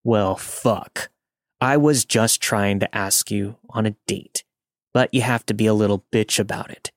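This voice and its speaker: A man voicing a crude, flirty middle-aged male trucker with a Southern drawl, slightly lower than his own voice. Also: a little slow, no room sound, studio quality, natural voice. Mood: angry.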